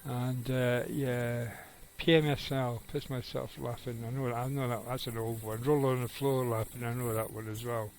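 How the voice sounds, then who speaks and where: A man's voice: mid-range voice, little pitch movement, moderate pace, few pauses, a little hiss or hum, poor audio. A middle-aged man, giving rambling, casual live commentary on his game and chatting with viewers, swearing now and then. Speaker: game streamer.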